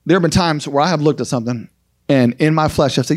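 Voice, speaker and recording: Male preacher, high-pitched, emphatic sermon delivery with repeated punches. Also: fast talker.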